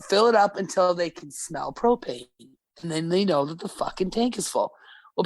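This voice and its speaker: A woman's voice: fairly low pitch, no echo. A woman from Alberta, a gas service technician telling rambling work stories on a podcast, swearing freely. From Alberta, Canada. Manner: profane, blunt, rambling. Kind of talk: casual podcast storytelling.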